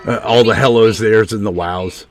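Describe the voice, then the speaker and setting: Low-pitched man, stream host, casual banter, teasing, fillers. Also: normal speed, slight background noise. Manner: joking, teasing, many fillers and restarts. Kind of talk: casual live-stream chat.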